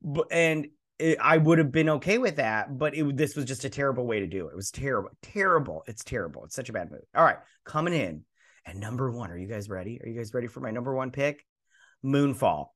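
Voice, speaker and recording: A man hosts a casual movie review in a blunt, exasperated ramble full of fillers and restarts. His voice is bright and forward. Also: mid-range voice, lively intonation, quick pace. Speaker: host.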